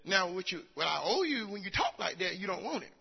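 Older preacher, high lively voice, folksy, muffled hall sound. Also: male voice, fairly quick, creaky, slight background noise. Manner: folksy storytelling with acted quotes, rising to shouts. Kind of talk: sermon.

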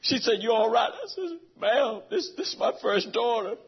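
A high-pitched, husky man preaching with raw feeling, his voice falling low and then breaking into shouts. The recording is dull and lo-fi, and he sounds middle-aged. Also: very animated, normal speed. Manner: emotional storytelling, swings from hushed to shouting. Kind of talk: sermon.

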